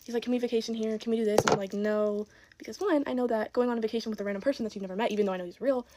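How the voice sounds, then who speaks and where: An eighteen-year-old woman rattles through a casual storytime at a quick clip. Her voice sits a little high, and she sounds exasperated as she quotes other people in her own voice. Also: fairly even intonation, dark tone.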